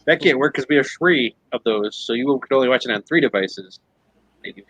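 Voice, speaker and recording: A man with a bright, forceful voice, recorded close and dry. He chats bluntly on a casual livestream panel. He asks short, teasing questions. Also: medium pitch, lively intonation, fairly quick, no echo, rough recording. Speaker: panel guest.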